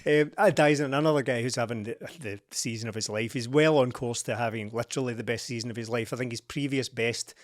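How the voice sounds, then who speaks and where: A Scottish man talking football on a podcast in an easy, analytical way, picking apart a player's form. His voice sits at an ordinary pitch. The sound is dry and close to the mic. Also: fast talker, few pauses, dry recording. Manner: chatty, analytical, laughs often. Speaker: podcast co-host. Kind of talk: casual football podcast chat.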